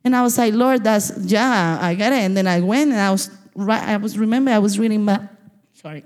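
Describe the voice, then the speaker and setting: A woman pastor preaches in a lively, chatty way, laughing between points. Her voice carries a long church-hall reverb. Her pitch sits in the middle. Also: a little fast. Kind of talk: sermon. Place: church sanctuary.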